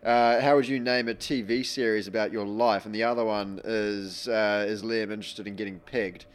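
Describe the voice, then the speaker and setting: A man hosting a podcast, telling stories and reading out questions in a dry, deadpan way. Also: fairly low pitch, normal speed, heavy background noise. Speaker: podcast host. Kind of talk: casual chat.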